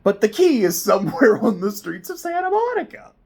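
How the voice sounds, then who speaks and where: A man telling a personal story to camera in a casual vlog, swinging between loud excited bursts and quiet near-whispered asides. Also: sits high, fairly quick, gravelly. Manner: frequent swearing, casual slang. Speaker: vlogger.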